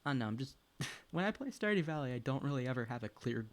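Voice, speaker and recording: A man's voice: mid-range voice, sing-song, fast talker. Young male streamer, loose and rambly, curses freely, chats to his pet and his viewers. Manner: rambling, swears often, laughs between thoughts; talks to a pet and chat while playing. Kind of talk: casual gaming chat.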